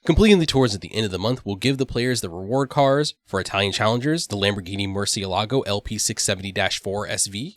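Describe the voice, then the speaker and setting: A man's voice: on the low side, lively intonation, fairly quick, hardly any pauses, fairly bright tone, dry recording. A man hosting a weekly gaming recap, reading a scripted voice-over in a dry, matter-of-fact way with the odd wry aside. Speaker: gaming channel host.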